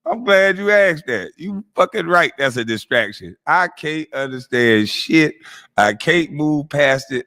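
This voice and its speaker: A man's voice: fairly high pitch, lively intonation, unhurried, sharp tone. A man streaming live who reacts to a clip with mocking, heavily profane commentary, laughing often.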